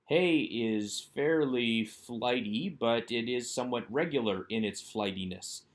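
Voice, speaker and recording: Man, instructor, fairly low voice, methodical, asks then answers, recorded lesson. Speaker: Hebrew instructor. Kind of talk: recorded workbook lecture.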